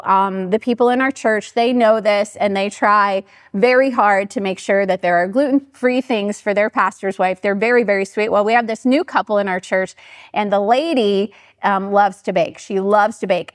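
A woman's voice: medium pitch, no echo, studio quality. A middle-aged woman, a pastor's wife, giving a chatty storytelling talk to her church and acting out what people said. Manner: chatty and animated, acting out quoted voices.

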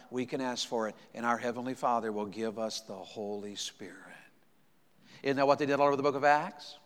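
A man preaches a revival sermon with a slightly high voice. He talks in a folksy way, repeats words as he goes and moves from booming appeals to quiet asides. His voice rings with the long reverb of a church hall. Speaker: pastor.

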